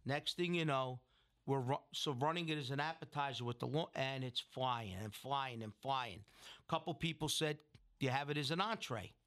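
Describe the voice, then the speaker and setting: Moderately paced and a bit bright, a middle-aged man's mid-range voice carries a long interview story about his life as a restaurant owner and food entrepreneur. He rambles along, breaking off to restart sentences and voicing what others said.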